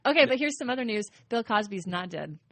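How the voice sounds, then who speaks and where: A woman in casual podcast chat, chatty and quick to laugh, full of filler words. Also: mid-range voice, lively intonation, fairly bright tone, no room sound.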